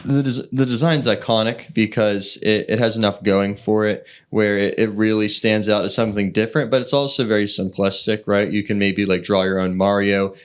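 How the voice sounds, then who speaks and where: A low-voiced man co-hosting a podcast, chatting casually. He rambles, stops to restart his sentences, and fills gaps with ums and likes. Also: fairly even intonation, normal speed, hardly any pauses, fairly bright tone, clear, resonant tone. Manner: rambling, filler-heavy, hesitant restarts. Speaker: podcast co-host. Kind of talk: casual chat.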